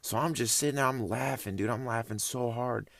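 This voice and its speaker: A man's voice: mid-range voice, brisk, gravelly, fairly bright tone, no room sound, clean studio sound. A young man casually telling a story, laid-back and slangy, rambling along with loose phrasing.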